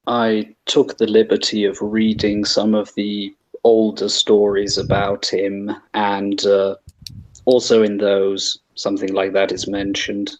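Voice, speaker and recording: A man playing his character in a tabletop game, talking in an eager, halting way with fillers. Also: on the low side, monotone. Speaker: tabletop player. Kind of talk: in-character role-play chat.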